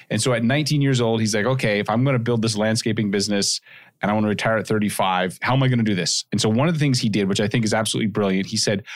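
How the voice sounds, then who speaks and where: Man, podcast host, chatty storyteller, rapid talk, lowish voice. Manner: energetic, chatty, quick storytelling with asides.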